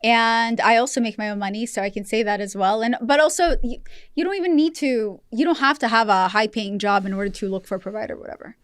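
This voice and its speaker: A woman's voice: on the high side, quick pace, clean tone, no room sound, clean studio sound. A woman in her thirties from Russia, a podcast guest telling candid personal stories in casual chat and laughing often. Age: 30s.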